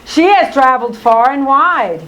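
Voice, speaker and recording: A woman's voice: high voice, expressive, a little slow, a bit bright, dull audio. A woman reading a storybook aloud, voicing a patient aunt who tells the story.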